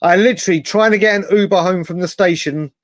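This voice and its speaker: A podcast co-host with a high voice and quick pace rambles through a casual football chat show, restarting often and dropping the odd swear word. The recording is clean studio sound with no echo.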